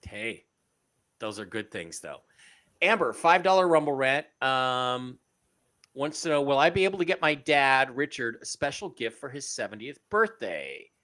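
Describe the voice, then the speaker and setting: A man's voice: medium pitch, moderate pace. A man co-hosting a live stream, reading out viewer donations and their questions. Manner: reads donor messages aloud, animated.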